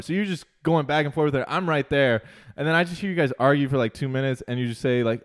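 A young man telling a bar story to a friend in casual chat, animated and swearing, laughing along the way. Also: mid-range voice, fast.

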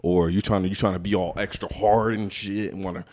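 A young man from Brooklyn talks in a casual podcast chat. His voice sits a little low for a man. He tells stories in a loose, profane, rambling way. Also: flat delivery, fairly quick, a little mellow. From Brooklyn, New York.

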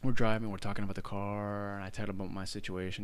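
Smooth and on the low side, this young podcast co-host speaks at a quick pace while telling a story. The chat is casual and animated, full of free swearing and acted-out quotes.

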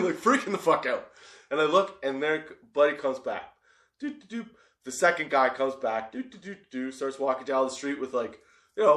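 A man's voice: fairly high pitch, a bit bright, echoey room. A man telling a wild story in casual talk, swearing, laughing often and checking in with "okay?". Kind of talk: casual anecdote.

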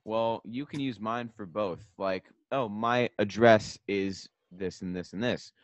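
A man's voice: lowish voice, measured pace, no echo. A man co-hosting a casual podcast, teasing his partner in dry banter. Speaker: podcast co-host. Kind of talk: casual chat. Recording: dull dry computer mic.

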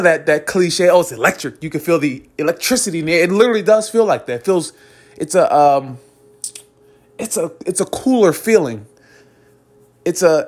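A man hosting a podcast, giving a rambling, earnest spiritual monologue and chuckling between phrases. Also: on the high side. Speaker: podcast host.

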